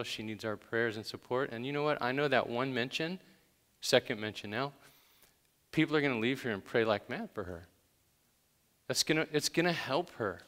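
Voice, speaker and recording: A man's voice: medium pitch, a bit bright. A man preaching a conversational sermon to a church congregation, stressing each command with emphasis. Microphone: handheld microphone. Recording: long hall reverb.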